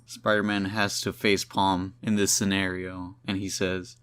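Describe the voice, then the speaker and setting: A man recapping a comic issue in a relaxed, chatty way, throwing in slang and speaking straight to his audience. His voice sits a little low for a man. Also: normal speed, hardly any pauses. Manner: laid-back, slangy, addresses viewers. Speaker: comic book reviewer.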